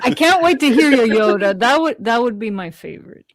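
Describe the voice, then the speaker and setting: A woman's voice: on the high side, expressive. A woman co-hosting a podcast in casual, enthusiastic chat. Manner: enthusiastic, quick to exclaim. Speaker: podcast co-host.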